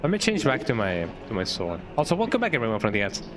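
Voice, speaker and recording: A man's voice: mid-range voice, fast talker. A man streaming a video game, chatting casually and rambling, often ending phrases with a questioning "eh?". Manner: relaxed, rambling, tags phrases with "eh?". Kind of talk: casual gameplay commentary. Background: game music.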